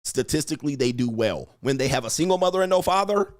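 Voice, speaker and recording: A man hosting casual commentary in a blunt, profane way, slipping into other voices to act out quotes. His voice sits at an ordinary pitch for a man. The sound is close and dry, with no room around it. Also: expressive, quick pace, dry recording. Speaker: relationship commentator and host. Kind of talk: casual commentary reacting to clips.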